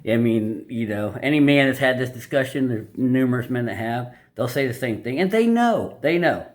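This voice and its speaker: A man's voice: mid-range voice, fairly even intonation, moderate pace. A man hosting a video, summarizing a dating-advice book in casual, unscripted commentary. He is blunt and opinionated, and he rambles with lots of fillers and restarts.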